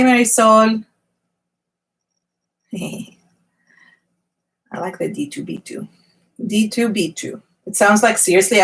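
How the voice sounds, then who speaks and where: A woman hosting a live art journaling class, chatting excitedly and greeting viewers one by one. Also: medium pitch, recorded from a distance.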